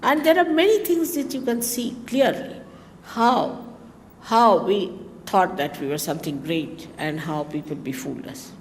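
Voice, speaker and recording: A woman's voice: medium pitch, unhurried. Woman, rambling anecdotal talk, long hall reverb, faint noise behind. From India. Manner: rambling, digressive, with exclamations and asides to listeners. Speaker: speaker giving a talk.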